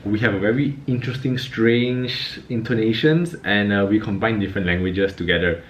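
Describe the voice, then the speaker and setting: A man's voice: on the low side, steady tone, moderate pace, reverberant, lo-fi sound, background noise. A young man from Malaysia with a Malaysian English accent, vlogging in a casual, musing way, his statements often rising like questions. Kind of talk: casual reflective talk to camera. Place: outdoors in cold weather.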